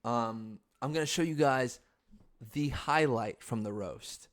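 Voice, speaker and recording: A young man hosting a podcast, telling a story in a frantic, excitable, swearing casual chat. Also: mid-range voice, slow. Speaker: podcast host.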